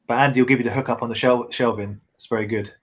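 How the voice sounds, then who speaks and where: A man's voice: medium pitch, steady tone, very fast, dull audio. A man chatting about toys, joking and repeating words as he talks. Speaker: toy stream co-host. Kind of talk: casual chat.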